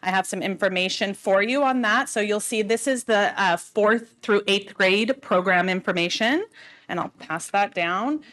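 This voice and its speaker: A woman addresses a school board meeting with updates and recognitions. She sounds warm and slightly emotional, filling her pauses with "um"s. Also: medium pitch. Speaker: school district administrator. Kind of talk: meeting announcements.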